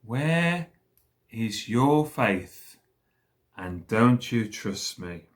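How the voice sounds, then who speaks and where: A man voicing a calm, gentle grown man who hushes a storm, speaking quietly, slowly and soothingly. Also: on the low side.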